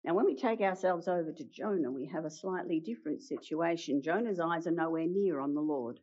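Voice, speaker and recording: A woman preaching a sermon, retelling a story with dramatic pauses and acted-out quotes. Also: low voice, darkish tone. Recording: dull lo-fi sound.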